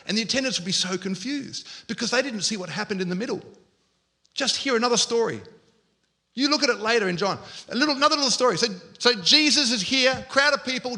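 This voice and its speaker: A man preaching a lively storytelling sermon. His voice sits high and bright. He keeps slipping into the voices of the people in his story. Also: fast. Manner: storytelling, acts out quoted lines. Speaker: pastor.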